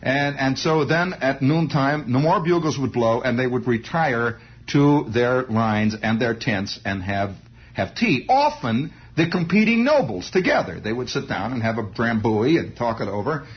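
Husky man spinning a wry monologue. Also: mid-range voice, expressive, a little slow. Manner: wry storyteller, sound effects, chuckles. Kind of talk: rambling comic monologue. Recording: dull lo-fi recording.

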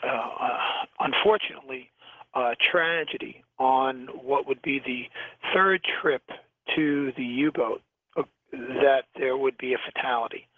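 A man from New York, a shipwreck diver, telling stories as a radio guest over the phone, halting with many restarts and repeated words. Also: mid-range voice, no room sound. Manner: lively storyteller. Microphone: telephone. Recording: tinny phone line, dry.

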